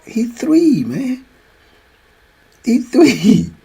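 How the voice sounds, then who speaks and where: A middle-aged man hosting a streamed show, telling lively stories in a casual way, laughing often and tagging lines with "man.". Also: very high-pitched, drawn-out words, vocal fry, husky. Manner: animated, laughs often, repeats "man" a lot. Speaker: show host. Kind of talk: casual storytelling chat. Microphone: streaming mic.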